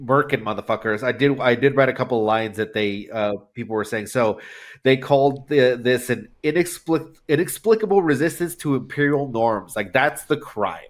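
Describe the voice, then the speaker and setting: A man's voice: mid-range voice, normal speed. Guy cohosting a podcast, cusses a lot, gets worked up, mid voice. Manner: swears freely, animated and laughing. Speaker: podcast co-host. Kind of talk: casual chat.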